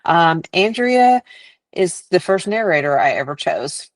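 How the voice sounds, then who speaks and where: A woman's voice: on the low side, very animated, unhurried, no room sound. A woman author being interviewed on a podcast, chatty and heartfelt, laughing often as she tells her stories. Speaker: author guest.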